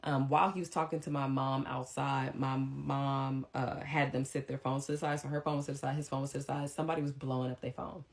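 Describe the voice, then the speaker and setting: Young woman with a low voice, chatty storytime, lots of ums. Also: brisk, hardly any pauses. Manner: rambling, animated retelling with filler ums. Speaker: storyteller vlogger. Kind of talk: casual storytime chat.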